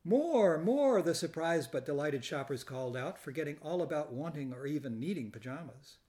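A man reading a children's storybook aloud in a calm, even storytelling manner. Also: a little high, a little fast. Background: loud background music.

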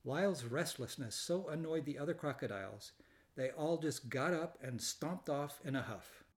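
A man reads a children's storybook aloud in a calm, even storytelling manner. His voice sits a little high for a man. Loud music plays behind him. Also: moderate pace. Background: loud background music.

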